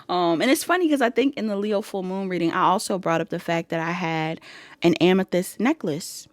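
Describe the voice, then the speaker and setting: A woman's voice: fairly low pitch, no echo. A woman doing a casual pick-a-card tarot reading to her viewers, chatty and giggly, calling them y'all. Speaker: tarot reader.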